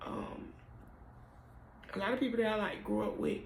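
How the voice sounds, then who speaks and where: A young woman tells the story of losing her son, halting and emotional, often trailing off. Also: mid-range voice, fairly even intonation, gravelly, darkish tone, a little hiss or hum. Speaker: mother telling her story. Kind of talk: personal storytelling to camera. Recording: roomy echo.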